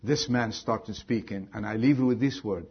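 A man preaching a sermon as pastor, moving from loud exhortation to a hushed prayer. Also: lowish voice, normal speed, creaky, slightly rough, highs cut off.

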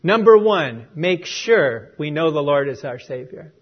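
A male preacher giving a sermon, telling a story and swinging between loud stresses and hushed lines. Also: on the high side, very animated, measured pace, dull audio.

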